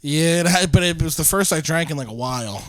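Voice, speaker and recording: A man with a Philadelphia-area accent speaks a bit higher than most men. He trades crude jokes and laughs in casual podcast banter. The recording is close and dry. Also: lively intonation, brisk, no room sound. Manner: crude jokey reactions, laughs a lot. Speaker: podcast co-host. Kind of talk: casual chat.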